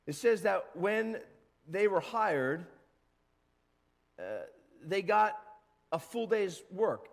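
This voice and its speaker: Guy pastor preaching casual and animated, kinda high voice, big church reverb. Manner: casual, animated, acts out grumbling workers. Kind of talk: sermon. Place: church sanctuary.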